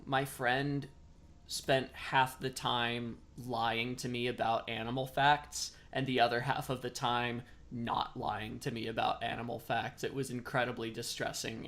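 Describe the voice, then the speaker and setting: A man's voice: mid-range voice, flat delivery, measured pace, gravelly, fairly bright tone. A man chatting casually as a streamer while playing a game, rambling and self-deprecating. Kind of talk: casual gameplay commentary.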